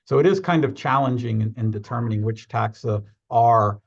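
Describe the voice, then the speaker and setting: A man's voice: mid-range voice, normal speed, creaky, dull audio. A man presenting in a webinar, hesitant, repeating and restarting words as he explains. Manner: hesitant, with frequent restarts and fillers.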